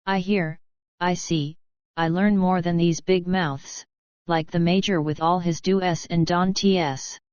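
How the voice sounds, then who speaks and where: A sneering young foreign man full of secrets, as a woman narrator voices him in an audiobook. He speaks with a low, clean voice and pushes his warnings hard. The studio sound is dry and a little dull. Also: fairly even intonation, slow pace, a little mellow, clear, resonant tone, no room sound. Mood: scornful, urgent.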